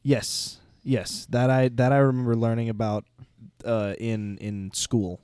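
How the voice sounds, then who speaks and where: A man's voice: medium pitch, flat delivery, unhurried, darkish tone, clear, resonant tone, dry recording. A young man co-hosting a podcast, teasing with dry wit and laughing easily. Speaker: podcast co-host. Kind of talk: casual chat.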